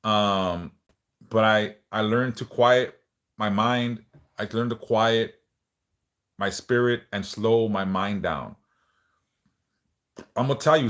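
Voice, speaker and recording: A man hosting a livestream, leading prayers and then chatting casually, swearing now and then and sometimes repeating words as he speaks. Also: fairly low pitch. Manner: relaxed, swears casually, reads chat aloud; speaks of stuttering, some word repeats.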